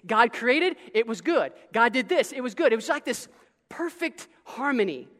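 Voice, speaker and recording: A pastor preaches to his congregation, animated and conversational, often breaking off to restart a sentence or throw in a casual aside. His voice carries the long, ringing reverb of a large church hall. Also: extremely high pitch, moderate pace. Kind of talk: sermon. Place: church sanctuary.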